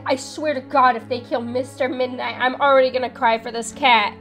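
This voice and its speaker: Faint music runs under this brisk, high-pitched young woman as she plays a horror game on a live stream. She chatters excitedly, reads the game's text out loud, and jumps into loud yelps.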